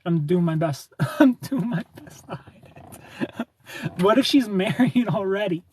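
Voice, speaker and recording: This young livestream host has a high-pitched, breathy voice and speaks a little slowly. He reads viewer comments while chatting casually, rambling animatedly with repeated phrases and bursts of laughter.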